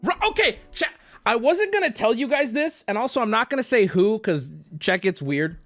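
Animated high-voiced male streamer, faint music. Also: moderate pace. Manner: animated, swearing, rambling with restarts. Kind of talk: casual livestream storytelling.

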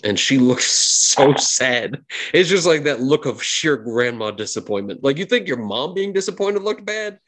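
A man's voice: mid-range voice, expressive, moderate pace, a bit bright. A man narrating as game master in a tabletop game, chatty and full of fillers.

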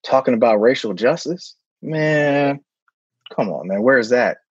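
A man's voice: medium pitch, measured pace, slightly rough, no echo, lo-fi sound. A man from San Francisco, a guest on an interview, talking casually and emphatically, tagging his points with "man" and "right?". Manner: animated, emphatic, drops in "man" and "right?" constantly. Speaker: guest, middle school principal.

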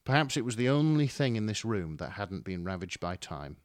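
A man's voice: lowish voice, big pitch swings, fairly quick, dry recording. A man reading a fan story aloud with dramatic, wry narration. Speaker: story reader. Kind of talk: expressive fan fiction reading.

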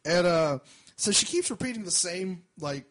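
Animated, high-voiced man telling a story. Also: normal speed. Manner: animated, swears freely, mimics a drunk woman in a high voice. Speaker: podcast co-host. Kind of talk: casual storytelling among friends.

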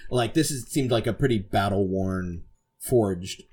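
A man's voice: fairly low pitch, measured pace, darkish tone, slightly rough. A man narrating as game master in a tabletop game, with a loose, filler-heavy style.

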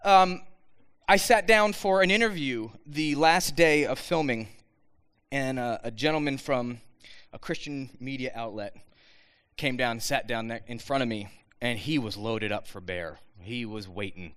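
A man giving an earnest, animated talk to students, with frequent restarts. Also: medium pitch, unhurried, clean tone. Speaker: speaker addressing students.

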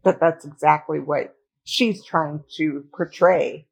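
A woman's voice: low-pitched, steady tone, slow pace, gravelly, crowd noise, poor audio. A woman co-hosting a podcast, chatting earnestly about a book and often restarting her sentences. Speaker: podcast co-host. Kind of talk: casual book club chat.

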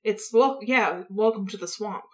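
A woman's voice: mid-range voice, measured pace, a little mellow, reverberant. A woman playing a tabletop game, teasing and laughing often. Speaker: player. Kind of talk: casual tabletop play.

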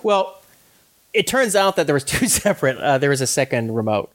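Lively man telling a story. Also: on the high side, a little fast. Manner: animated storyteller who acts out quotes. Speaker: podcast co-host. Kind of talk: casual chat.

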